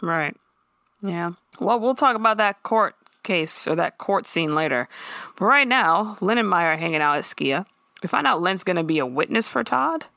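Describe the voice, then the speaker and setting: Gravelly low-voiced woman podcaster. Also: expressive, normal speed, sharp tone, no echo, studio quality. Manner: blunt, slangy, laughs often. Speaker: podcast co-host. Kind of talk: casual chat recapping a TV episode.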